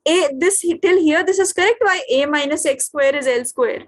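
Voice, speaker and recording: A woman's voice: high voice, moderate pace. A woman with an Indian English accent teaching an online physics class, often asking her students questions to check that they follow.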